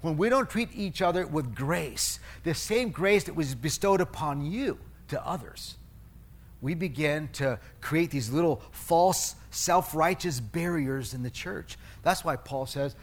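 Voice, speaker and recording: A man's voice: a little high, expressive, a little slow. A middle-aged male pastor preaching a sermon in a conversational, storytelling way, restarting phrases and poking fun at himself. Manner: conversational preaching, storytelling with self-mocking humor; restarts and self-corrections mid-phrase.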